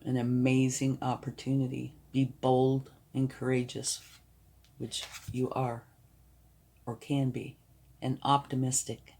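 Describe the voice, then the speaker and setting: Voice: mid-range voice, little pitch movement, slow, darkish tone. A tarot card reader giving a reassuring, emphatic reading, sometimes dropping to a whisper for emphasis.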